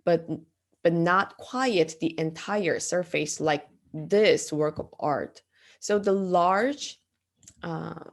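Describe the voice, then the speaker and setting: A woman teaching an art class, explaining design terms step by step with frequent ums and uhs and questions to the class. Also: fairly low pitch. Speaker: art instructor. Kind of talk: lecture.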